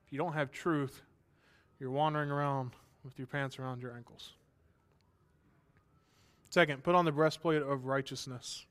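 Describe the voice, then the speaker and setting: A man's voice: mid-range voice, steady tone, normal speed, long pauses, fairly bright tone. A man preaching a sermon as pastor, earnest and building to emphatic passages, with dry asides.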